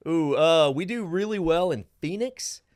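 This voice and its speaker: A middle-aged man, a travel show host chatting as a podcast guest, animated, acting out the people he quotes. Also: on the high side, measured pace, no echo, clean studio sound. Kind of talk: casual podcast chat.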